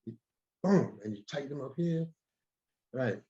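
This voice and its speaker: A man, a guest in an interview, telling a story in an animated way, often repeating and restarting words. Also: medium pitch, normal speed, slight background noise. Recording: dull lo-fi recording.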